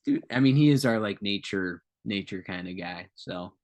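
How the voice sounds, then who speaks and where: A man's voice: on the low side, moderate pace, darkish tone, highs cut off. A man co-hosting a casual podcast, reading notes aloud with joking asides and tangents. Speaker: podcast co-host.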